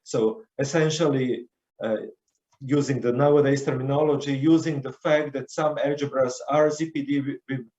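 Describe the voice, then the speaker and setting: Man, conference lecture, halting with restarts, roomy sound, dull lo-fi recording. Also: medium pitch, steady tone, darkish tone. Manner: hesitant, many fillers and restarts. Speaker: conference speaker. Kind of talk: academic lecture.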